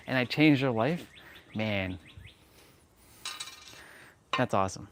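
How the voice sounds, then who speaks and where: A man's voice: fairly low pitch, slow, creaky, pauses often, fairly bright tone. A young man from Canada hosting a fitness livestream, talking casually with a laid-back, slangy, laughing manner.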